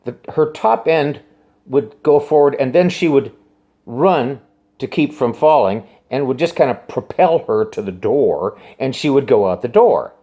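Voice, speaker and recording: A man tells a personal story straight to camera, circling back and repeating himself as he goes. His pitch swings widely, from low, hushed asides to high, urgent bursts. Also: expressive. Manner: rambling, halting, repeats himself. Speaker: musician telling a personal story.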